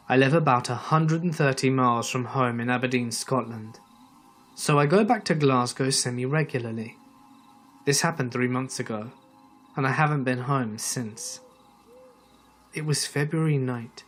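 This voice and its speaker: A man giving a measured, dramatic scripted narration of true horror stories. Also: medium pitch, a bit bright.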